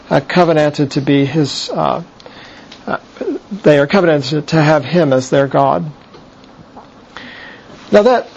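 Guy teaching a bible study, slightly high voice, kinda muffled lo-fi recording. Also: a little hiss or hum. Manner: measured, explanatory, with frequent "uh" and restarts.

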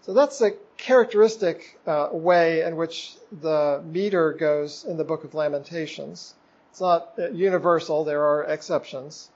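A man with a somewhat high voice teaches a Bible class, loose and conversational, full of pauses and restarts. The recording is a little muffled and lo-fi. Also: a little mellow. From United States. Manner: conversational, many fillers and self-corrections. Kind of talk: informal Bible lesson.

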